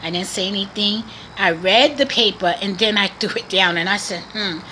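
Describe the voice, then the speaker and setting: A woman's voice: medium pitch, normal speed, bright, forceful tone, a little hiss or hum, rough recording. A woman vlogger earnestly sharing a religious testimony in casual, preachy talk, repeating phrases for emphasis. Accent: Boston area.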